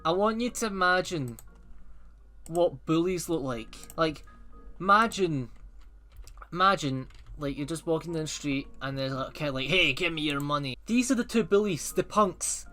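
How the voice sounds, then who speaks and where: A man ranking films in a rambling, excitable and sarcastic casual chat. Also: a little high, unhurried, soft background music.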